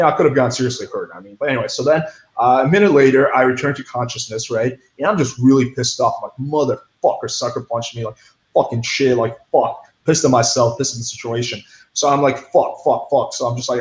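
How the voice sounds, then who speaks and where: A young man telling a story in a casual interview, blunt and profane, full of fillers like "like" and "right". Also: medium pitch. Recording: echoey room.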